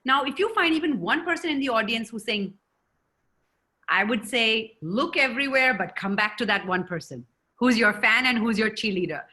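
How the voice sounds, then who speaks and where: A woman who grew up in America, giving an online communication seminar as a trainer and calling on participants by name over a video call. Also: a little high. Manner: lively, addresses participants by name.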